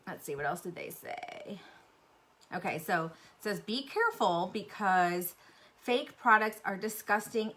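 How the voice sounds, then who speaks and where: A middle-aged woman chatting casually to camera about beauty products, animated and full of fillers. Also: on the low side. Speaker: beauty vlogger and sales rep.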